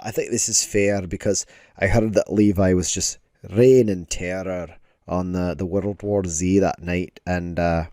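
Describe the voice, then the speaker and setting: A man's voice: low-pitched, dry recording, studio quality. A man casually chatting on a stream while he draws, rambling and giving playful mock lessons with lots of filler words. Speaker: digital artist streaming. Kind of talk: casual livestream chat while drawing.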